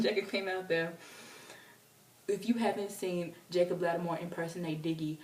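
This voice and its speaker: A young woman telling a story casually as a vlogger, excitable and chatty with lots of fillers. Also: on the low side, normal speed, background noise. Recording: roomy, distant from the mic.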